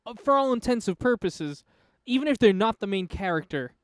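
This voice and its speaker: Opinionated American man, high and clear. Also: animated, a little fast, no echo. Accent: General American. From United States. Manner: opinionated, emphatic, trails off and restarts. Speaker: podcast co-host. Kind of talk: casual film discussion.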